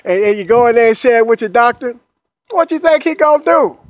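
High-voiced man coaxing listeners to smile. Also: expressive, brisk, no room sound. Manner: repetitive and coaxing, checks in with the listener after nearly every phrase; playful, laughs between points. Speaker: motivational speaker. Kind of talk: upbeat motivational monologue.

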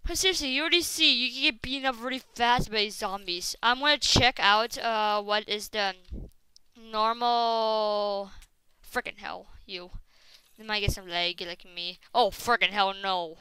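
Woman, gameplay commentary, excitable, rambling, very crisp voice, dry sound. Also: a little high, a little slow, dry recording, poor audio. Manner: excitable, shrieks and exclaims when attacked; rambling with many fillers and restarts. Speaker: gaming video host.

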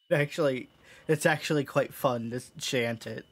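A gaming streamer giving casual, chatty commentary while playing a horror game, self-mocking and quick to laugh. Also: medium pitch. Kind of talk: casual let's-play commentary.

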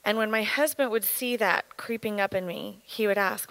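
A woman in her thirties giving an earnest, candid personal testimony as a church speaker, speaking in a measured way. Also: medium pitch, creaky, a bit bright, no room sound, low-quality recording.

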